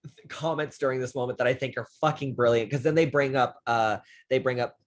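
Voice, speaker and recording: A man hosting a casual film chat, animated, acting out characters' lines and laughing often. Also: medium pitch, brisk. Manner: frequent fillers and restarts, laughs often. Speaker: podcast host.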